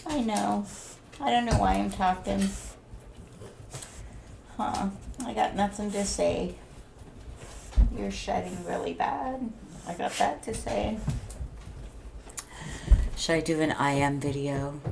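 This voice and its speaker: A woman's voice: fairly low pitch, slow pace, vocal fry, pauses often, noisy background. A woman around sixty talking casually to her camera, blunt and frustrated, swearing freely and laughing at herself. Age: 60s. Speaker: vlogger. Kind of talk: casual rambling monologue.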